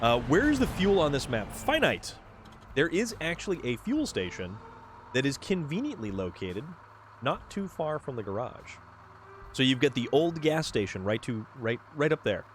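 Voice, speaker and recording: A man hosting a livestream, chatting excitedly and answering viewers while he plays a video game. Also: medium pitch, moderate pace, a little hiss or hum. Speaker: livestream host. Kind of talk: casual chat while playing a video game.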